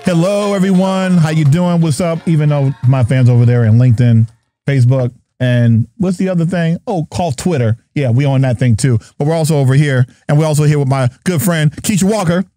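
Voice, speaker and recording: A man's voice: fairly high pitch, a little fast, warm tone, soft background music. A middle-aged man from New Jersey hosting his podcast in a playful, jokey, hype manner. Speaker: podcast host. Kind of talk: lively podcast chat.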